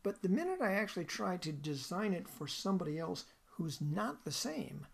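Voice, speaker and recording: Gravelly-voiced woman lecturer. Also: on the low side, very animated, normal speed. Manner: conversational, asks the listener questions. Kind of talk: recorded lecture.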